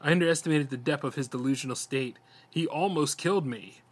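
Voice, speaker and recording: Man reading a calm, earnest male doctor; plain, measured voice. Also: on the high side, lightly acted.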